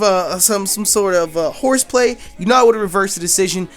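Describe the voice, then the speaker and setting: A man's voice: high voice, fairly quick. A man hosting a gaming stream, talking casually in slang, repeating himself and hyping up every moment. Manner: animated, slangy, repeats himself, hypes things up. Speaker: gaming channel host. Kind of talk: casual gaming commentary with playful role-play.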